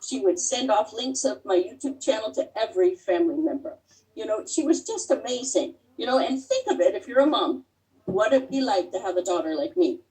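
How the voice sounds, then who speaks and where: A woman's voice: medium pitch, darkish tone. Earnest middle-aged woman, distant mic. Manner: earnest and heartfelt, with many pauses and fillers. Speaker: guest speaker. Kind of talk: personal testimony talk. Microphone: video call.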